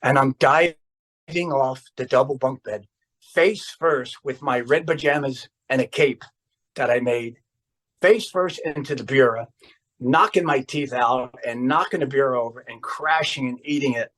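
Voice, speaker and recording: An older man with a mid-pitched voice recounts a story with eager, exclamatory energy. He talks like a seasoned stuntman sharing a favorite memory, and his excitement keeps spilling over. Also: a little slow, rough recording. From New Jersey, USA. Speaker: stuntman guest. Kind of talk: storytelling anecdote.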